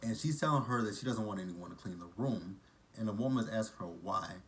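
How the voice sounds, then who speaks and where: A man with a fairly low voice talks through a TV episode in a loose, chatty recap. He breaks off into blunt, profane, mocking side comments. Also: fairly quick, a bit bright. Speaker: TV episode reviewer.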